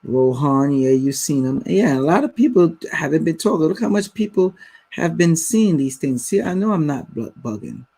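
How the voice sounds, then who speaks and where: A man's voice: fairly high pitch, expressive, normal speed, mellow, breathy edge. A man hosting a live stream, talking bluntly and casually to his viewers in slang. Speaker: livestream host.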